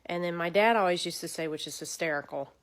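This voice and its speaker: A woman hosting a casual devotional talk, chatty and earnest, with lively swings in pitch. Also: quick pace. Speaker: devotional host.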